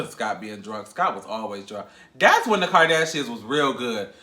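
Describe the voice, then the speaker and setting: A man's voice: mid-range voice, very animated, normal speed, sharp tone. A man hosting a podcast, chatting casually and sassily about celebrity gossip, laughing often as he goes. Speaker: podcast host. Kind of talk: casual pop-culture commentary. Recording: echoey room.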